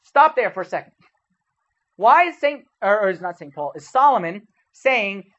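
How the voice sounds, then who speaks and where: Lo-fi audio captures a youth preacher whose high-pitched, animated voice moves at a moderate pace and sounds a bit bright. He delivers a casual sermon to young people in a church hall, conversational throughout. He quizzes his listeners and repeatedly checks in with "okay?".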